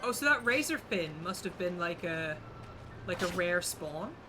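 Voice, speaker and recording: A young man with a high voice, rambling through a casual, sweary chat as he streams a game. He talks bluntly and loosely, with clear game music running underneath. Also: animated, unhurried. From United Kingdom. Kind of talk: casual chat while gaming.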